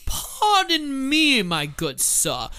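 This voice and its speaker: A podcaster voicing a polite, prim frog creature in slow, mock-formal speech. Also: high voice, wildly swooping pitch, bright, forceful tone, clear, resonant tone, no echo, clean studio sound, voice pushed up, heavily acted.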